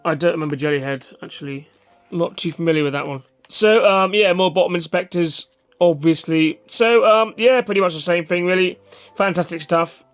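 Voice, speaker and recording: A man's voice: high-pitched, fairly even intonation, normal speed, clear, resonant tone, faint music behind. A man hosting a casual, rambling video review, off-hand and chatty with mild swearing. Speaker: vlog host.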